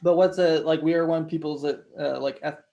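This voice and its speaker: Gravelly-voiced hesitant podcast co-host. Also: medium pitch, fairly even intonation, a little fast, mellow, highs cut off. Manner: hesitant, restarts, many likes. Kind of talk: casual chat.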